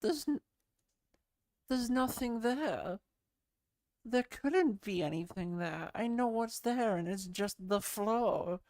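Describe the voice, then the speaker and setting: A woman's voice: a little high, lively intonation, slow, a little mellow, dry recording. A sleepy woman streamer chatting casually with her chat, giggling and rambling as she laughs at herself. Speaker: VRChat streamer.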